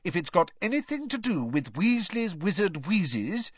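Molly Weasley, a man putting on a stern, high-voiced mother. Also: big pitch swings, breathy edge, no echo, exaggerated voice. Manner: slow, menacing emphasis. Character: stern middle-aged mother, dangerous when crossed. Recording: dull lo-fi recording.

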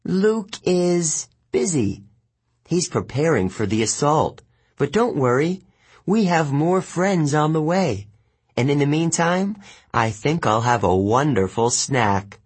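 A man voicing a hungry, mocking female she-demon in an audiobook, drawing his words out in a taunting purr with a breathy voice. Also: fairly high pitch, expressive, slow, voice pushed up, exaggerated voice. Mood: menacing.

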